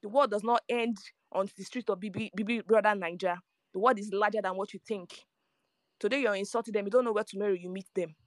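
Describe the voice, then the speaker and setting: A woman's voice: mid-range voice, steady tone, fast talker, no room sound. A woman lecturing listeners in a preachy, scolding tone. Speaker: speaker in an online audio room.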